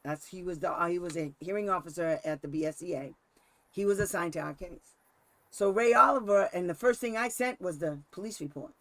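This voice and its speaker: Briskly and in a high voice, with no room sound, a male host tells a story in a casual talk. He's a special education advocate who narrates with animation, laughing often and acting out every quote.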